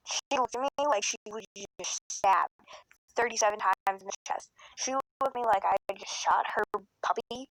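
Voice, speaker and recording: With a slightly high voice at normal speed, a teenage girl rambles through an emotional storytime on her phone, swearing heavily and occasionally choking up in tears. The audio quality is poor, though there's no echo.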